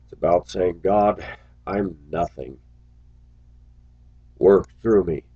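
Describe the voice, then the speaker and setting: A man's voice: low voice, slow, mellow, breathy edge, no echo, highs cut off. A man who drives a school bus, talking earnestly to his viewers in a casual, reflective monologue full of little stories.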